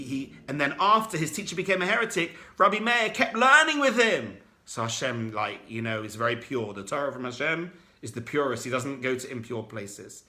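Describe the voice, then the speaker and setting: A man, a rabbi, teaching a lively Torah class and acting out the people in his stories. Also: mid-range voice. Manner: animated, dramatic storyteller who acts out quoted speakers.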